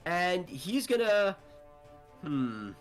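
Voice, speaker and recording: A young man narrates a tabletop game as game master in a high, lively voice. He takes his time, rambling and swearing loosely between his descriptions. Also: very slow, soft background music.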